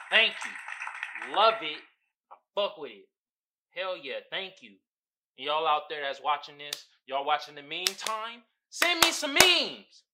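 A man hosting a podcast, riffing on memes in casual comedic commentary. He swears freely, laughs often and swings between loud whoops and low mutters. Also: a little hiss or hum. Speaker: podcast host.

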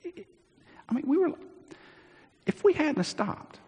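Lively pastor preaching in a hall. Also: male voice, extremely high pitch, slow. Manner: animated, acts out Bible scenes with quoted voices, frequent restarts. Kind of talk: sermon. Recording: long reverb of a large hall.

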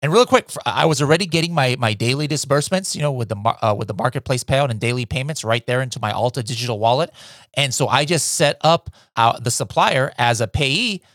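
A man's voice: mid-range voice, fast, fairly bright tone, no room sound, studio quality. A man hosting a podcast, asking questions in a casual, conversational way with many filler words. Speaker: podcast host.

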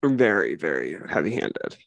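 A man's voice: low-pitched, sing-song, normal speed, vocal fry, fairly bright tone, no echo. A man co-hosting a casual podcast, giving brief, laid-back replies with dry humor. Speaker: podcast co-host. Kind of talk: casual chat.

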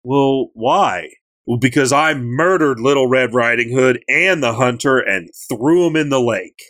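Man putting on a surly drunk wolf, male, gruff and blunt, dry close sound, a little higher than usual. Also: lively intonation, measured pace, fairly bright tone, no room sound. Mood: grumbling.

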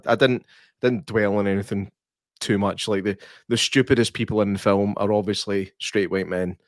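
A man, co-hosting a podcast and giving his easygoing, measured take on a film sequel. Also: lowish voice, no echo, clean studio sound. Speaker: podcast co-host. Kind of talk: casual film review chat.

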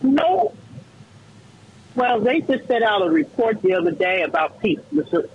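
A man's voice: sits high, lively intonation, brisk, slight background noise. A man co-hosting a podcast in casual chat, playfully jumping in with remarks. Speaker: podcast co-host. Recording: dull lo-fi audio.

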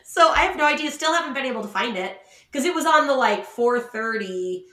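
A woman's voice: sits high, lively intonation, a little fast, a bit bright, echoey room. A woman podcast co-host from the Pacific Northwest telling a story in casual chat, self-mocking and laughing often as she acts out what others said. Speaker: salon owner.

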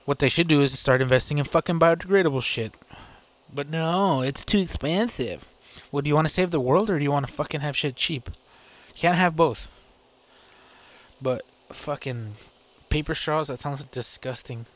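A man's voice: on the high side, brisk. A man hosting his own show, ranting casually and profanely with sarcasm, fillers and bursts of laughter. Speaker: podcast host. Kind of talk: casual solo rant.

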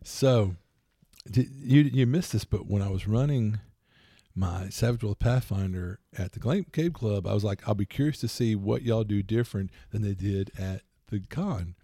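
A man with a gravelly, mellow voice rambles happily through tabletop game stories. His co-hosting chat is casual and lively. The sound is close and dry. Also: lowish voice, moderate pace, dry recording. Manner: rambling, animated storytelling with laughs. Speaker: podcast co-host and game master.

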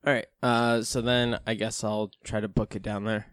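Low-voiced man, casual tabletop player. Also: level tone, moderate pace, fairly bright tone, clean tone, no room sound, clean studio sound.

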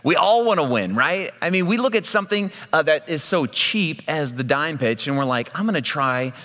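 Lively male preacher with a bright voice, storytelling sermon, reverb of a large hall. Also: a little high, normal speed. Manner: lively storyteller, laughs often. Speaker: pastor. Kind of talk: sermon opening with a personal story.

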